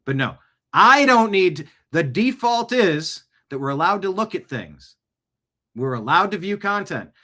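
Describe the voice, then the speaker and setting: A male show host who reacts to news clips with animated, sarcastic rants. His voice sits fairly high and sounds bright and forceful. He argues back at what he is watching. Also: measured pace. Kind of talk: political commentary reacting to clips.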